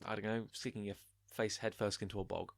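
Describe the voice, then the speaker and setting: A young man with a lowish voice tells drinking stories on a podcast, slipping into quoted voices and laughing along. The sound is dry and close, with no room around it. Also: little pitch movement, fairly quick, gravelly, no echo. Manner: rambling anecdotes with acted-out quotes, laughing. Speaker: podcast co-host. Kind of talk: casual chat.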